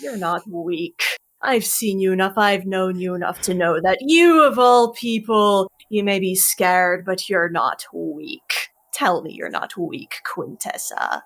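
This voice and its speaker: Slow-talking woman scolding in role-play. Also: mid-range voice. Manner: stern, profane scolding in character. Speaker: player voicing Curling. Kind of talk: tabletop role-play narration and dialogue.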